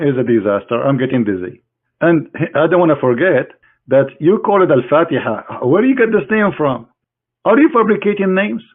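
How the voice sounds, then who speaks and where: A man giving a combative screen-share lecture in mocking, halting English as an online debater. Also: mid-range voice. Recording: tinny phone-like online audio.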